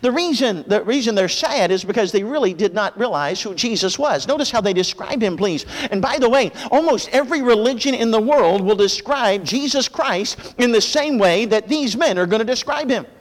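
A man preaching a sermon with impassioned delivery, praying softly and rising with fervor as he expounds Scripture. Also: lively intonation, moderate pace, few pauses, in a large hall. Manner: impassioned preaching, drops low for prayer. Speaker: pastor.

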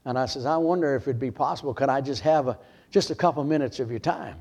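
Preaching as a pastor, this older man from Michigan begins his story in a hush and climbs to loud, pleading appeals. He has a mid-range voice and speaks fast.

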